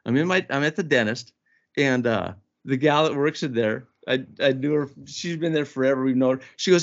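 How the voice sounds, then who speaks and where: A man co-hosting a podcast, telling a lively story in casual chat and acting out the people he quotes. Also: mid-range voice, a little fast, creaky. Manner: animated storyteller, acts out quoted voices. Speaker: podcast co-host. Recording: dull lo-fi podcast audio.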